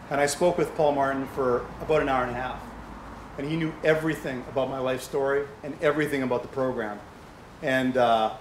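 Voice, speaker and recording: A middle-aged man speaking conversationally to a fundraiser audience, telling stories and asking rhetorical questions. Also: fairly high pitch. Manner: anecdotal, asks rhetorical questions. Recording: echoey hall with faint background hum.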